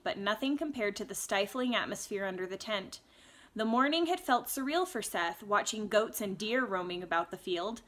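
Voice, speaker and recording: A woman reading a fantasy novel aloud in a clear, even storytelling voice, now and then adding a casual aside to her listeners. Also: fairly high pitch. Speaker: audiobook reader.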